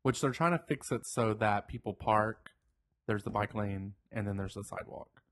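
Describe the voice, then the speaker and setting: A man co-hosting a podcast, chatting casually and telling a story with lively acted-out quotes. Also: on the low side, moderate pace, a little hiss or hum. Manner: animated storyteller, acts out quoted voices. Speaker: podcast co-host. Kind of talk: casual chat.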